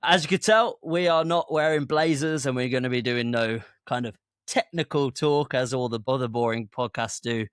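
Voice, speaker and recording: A man hosting a casual podcast chat in a playful, laughing way. His voice sits at a middling pitch, recorded dry and close to the mic. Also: normal speed, smooth, no echo. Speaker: podcast co-host.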